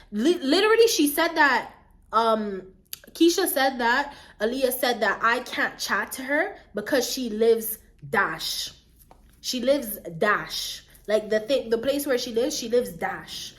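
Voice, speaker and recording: Chatty, high-voiced woman. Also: unhurried. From Jamaica. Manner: chatty, animated, keeps asking "you get what I mean". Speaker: vlogger. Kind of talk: casual storytime chat.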